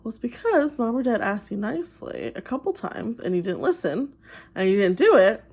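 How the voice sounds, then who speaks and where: A woman's voice: on the high side, sing-song. A woman who works as a behavioral therapist, talking to the camera and patiently explaining advice to children. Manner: gentle and patient, acts out parents' voices in quick asides.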